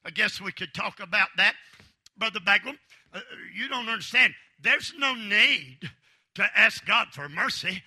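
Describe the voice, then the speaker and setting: A man preaching a revival sermon, fervently shouting, swinging between loud bursts and hushed lines, and calling on the congregation for amens. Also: high-pitched, expressive, a little slow, husky.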